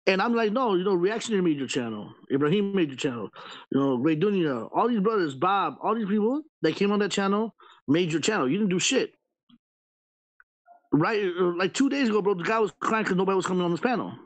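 A man's voice: sits high, expressive, fast, poor audio. A man hosting a live stream panel, venting at length in casual chat and filling his talk with "you know" and "bro".

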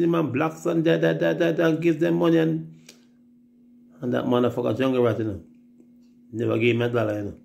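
A man's voice: medium pitch, creaky. A Jamaican man telling rambling, profane stories in casual chat, often mimicking other people's voices. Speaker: reggae artist telling stories on a livestream.

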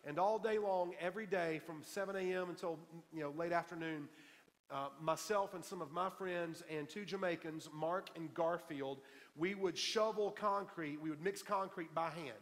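A man preaching to a congregation, his voice sitting a little high and carrying a long tail of reverb through the church hall. He tells stories with emphasis and repeats his key lines for weight. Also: moderate pace. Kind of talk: sermon. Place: church sanctuary.

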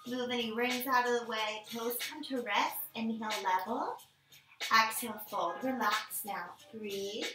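A woman leading a power yoga class, giving calm, encouraging step-by-step cues. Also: fairly high pitch, measured pace. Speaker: yoga instructor. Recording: echoey room, mic at a distance, music behind.

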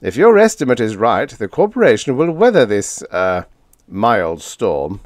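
A man's voice: fairly low pitch, big pitch swings, unhurried, no room sound, studio quality, voice pushed up. A man voicing a hearty, pompous company boss who chortles as he talks.

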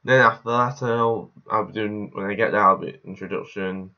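Young male vlogger, low bright voice, rambly, dull lo-fi sound. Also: fairly even intonation, moderate pace. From England. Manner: rambling, with frequent restarts and self-corrections. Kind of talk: casual daily vlog to camera.

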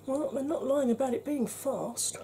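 A woman's voice: high-pitched, moderate pace, mellow, slight background noise. A middle-aged woman chatting frankly to camera in a makeup review, slipping into a half-whisper while she blends and cracking dry jokes. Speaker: beauty vlogger.

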